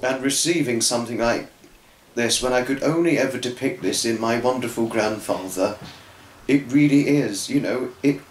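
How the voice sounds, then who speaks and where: Young man, tearful, earnest, rambling vlog monologue, mid pitch, roomy echo. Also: normal speed, slight background noise. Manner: earnest, rambling, with many restarts. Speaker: fan vlogger.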